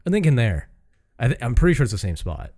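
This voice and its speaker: A man's voice: medium pitch, sing-song, fast talker, mellow. A Canadian man co-hosting a podcast, chatting casually and rambling with frequent restarts and swearing. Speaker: podcast co-host. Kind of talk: casual chat.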